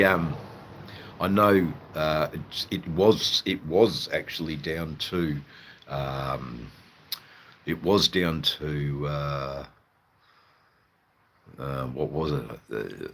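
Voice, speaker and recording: Very deep-voiced, slow Australian man. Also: a bit bright, slightly rough. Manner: rambling, chatty, swears casually. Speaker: live streamer. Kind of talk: casual live-stream chat.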